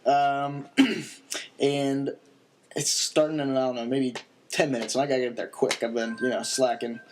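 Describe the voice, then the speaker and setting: A man's voice: mid-range voice, little pitch movement, unhurried, slight background noise. A young man casually telling a long story on a podcast, laid-back and rambling, with many fillers and chuckles.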